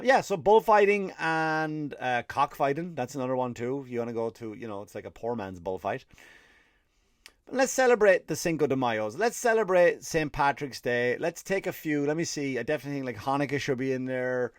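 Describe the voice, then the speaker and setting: A man's voice: mid-range voice, dry recording. An Irish man hosting a comedy podcast, delivering a rambling, sardonic, profane monologue into a close mic.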